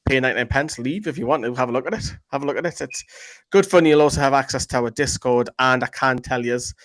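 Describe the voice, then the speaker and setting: Chatty, rambling male co-host reading viewer comments, dry close sound, mid pitch. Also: a bit bright, dry recording, poor audio. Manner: chatty, rambling, quick to joke. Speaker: fan channel co-host.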